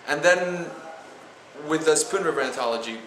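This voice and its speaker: A man's voice: a little high, fairly bright tone. A young man with a Spanish accent, a student talking casually in a vlog and often restarting his sentences. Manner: halting, many restarts and "like" fillers. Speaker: student vlogger. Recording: roomy echo with faint noise.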